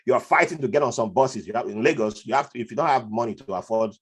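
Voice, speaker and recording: A man, a podcast guest telling stories from his life in a lively conversational way and slipping into other people's voices. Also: medium pitch, fast talker, breathy edge. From Nigeria. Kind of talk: conversational storytelling.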